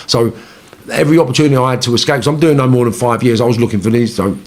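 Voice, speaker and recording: A man with a London accent telling his life story in an interview, blunt and slangy, with plenty of swearing, getting animated as he relives arguments. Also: medium pitch, rapid-fire, a little hiss or hum. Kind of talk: casual storytelling.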